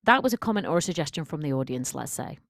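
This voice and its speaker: On her solo podcast, this confidence coach with a low voice talks fast, with big pitch swings, coaching listeners in a direct, emphatic, conversational style. The audio is close and dry, free of room echo.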